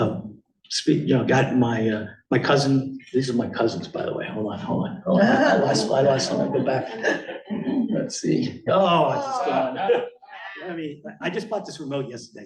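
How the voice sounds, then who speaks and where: A man in his sixties, from Miami, giving a casual rambling talk with slides to an audience, full of fillers and chuckles. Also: mid-range voice. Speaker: guest speaker, photographer. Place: meeting hall with audience. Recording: echoey hall from far off.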